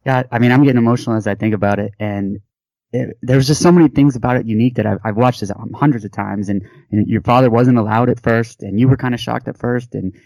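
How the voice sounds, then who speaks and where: A man's voice: mid-range voice, quick pace, a little mellow, dry recording. A man interviewing a guest, speaking with admiration and emotion before asking his question. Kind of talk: casual interview.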